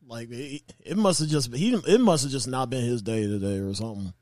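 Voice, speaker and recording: A man co-hosting a podcast in casual chat, laughing along and chiming in with quick reactions. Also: mid-range voice, animated, darkish tone, no echo, studio quality. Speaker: podcast co-host.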